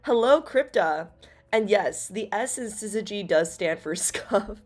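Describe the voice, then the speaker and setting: A woman's voice: mid-range voice, animated, unhurried, darkish tone. A woman VTuber streaming to her viewers, upbeat and chatty, her voice a bit worn from jet lag. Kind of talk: livestream chat with viewers.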